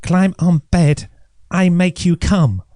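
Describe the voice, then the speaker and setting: Man putting on a slow, halting woman acupuncturist. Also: high voice, warm tone, no room sound, studio quality, pitched above the performer's own voice. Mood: soothing. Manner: slow halting broken English. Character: calm mystical woman acupuncturist.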